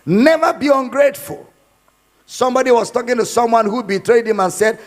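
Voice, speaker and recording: Man, pastor, emphatic sermon, high voice, long hall reverb. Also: moderate pace. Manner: emphatic preaching, repeats lines. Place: church hall.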